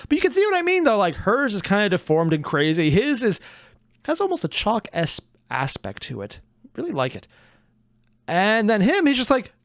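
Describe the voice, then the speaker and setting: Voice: medium pitch, huge pitch swings, normal speed, no room sound, clean studio sound. A host giving casual reaction commentary to an audio drama, chatty and often poking fun at themselves. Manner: chatty and self-mocking, with frequent likes and asides.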